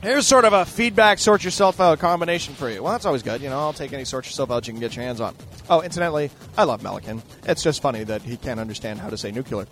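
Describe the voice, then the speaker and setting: A man hosting a podcast in a casual, profane rant, animated and mock-boastful, swearing freely. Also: mid-range voice, fast, soft background music. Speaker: podcast host.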